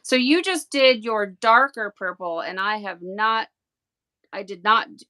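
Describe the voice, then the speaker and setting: Chatty woman thinking aloud, bright. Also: mid-range voice, a little slow. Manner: chatty, thinks aloud, stumbles over words. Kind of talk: livestream craft demo chat.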